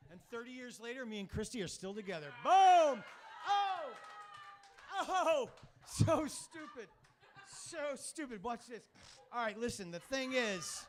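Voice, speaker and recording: High-voiced middle-aged man doing crude stand-up. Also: a bit bright. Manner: crude, rambling, self-mocking, swears a lot. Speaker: stand-up comic and show host. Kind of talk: stand-up comedy set. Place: comedy club stage.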